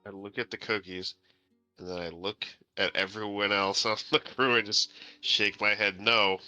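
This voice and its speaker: A man playing a tabletop game in character, making playful deadpan jokes. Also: lowish voice, moderate pace, no echo, soft background music. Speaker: player.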